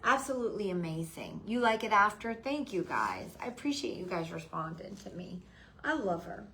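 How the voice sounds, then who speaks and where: Hushed, gushing woman live-streamer. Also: medium pitch, very animated, moderate pace, a little hiss or hum, rough recording. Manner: chatty and gushing, talks to viewers by name; hushed, half-whispering. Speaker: host of a live craft shopping stream. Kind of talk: casual live-stream chat.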